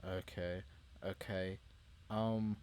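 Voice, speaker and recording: A man giving casual let's-play commentary, a little tipsy, rambling and apologetic, with sudden excited outbursts. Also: deep voice, extremely slow, smooth. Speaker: gamer playing through a video game. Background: game music.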